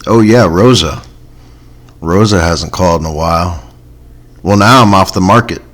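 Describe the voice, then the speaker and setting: A man's voice: low voice, normal speed, fairly bright tone. A man hosting a comedy podcast, rambling in a wry, self-mocking way. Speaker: podcast host. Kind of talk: casual comedy podcast chat.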